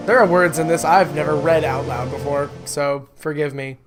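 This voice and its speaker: A gaming creator playing a story game, reading its text aloud with stumbles and self-corrections and breaking into excited squeals. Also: medium pitch, moderate pace. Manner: chatty, trips over words while reading and corrects itself; swings to excited squeals when delighted. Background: game music.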